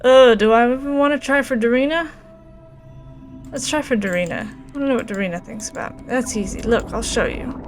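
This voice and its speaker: A woman's voice: a little high, measured pace, music in the background. A woman giving casual, wry commentary while playing a story game. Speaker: let's play gamer.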